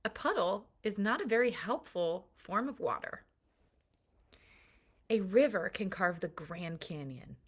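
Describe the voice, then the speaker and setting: A woman's voice: mid-range voice, lively intonation, unhurried, breathy edge. A woman parenting coach giving an earnest, emphatic recorded lesson built on analogies.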